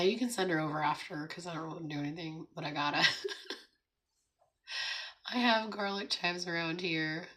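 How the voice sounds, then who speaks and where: A woman with a hoarse, raspy voice from laryngitis, hosting a casual morning livestream, chatting, laughing often and greeting viewers. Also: low voice, a bit bright. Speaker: livestream host. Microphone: streaming setup.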